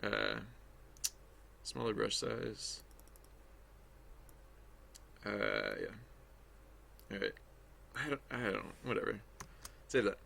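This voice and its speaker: A man's voice: fairly low pitch, drawn-out words, gravelly, long pauses, sharp tone, a little hiss or hum. A man streaming his game development work, chatting casually and rambling as he thinks aloud. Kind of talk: casual livestream commentary while working.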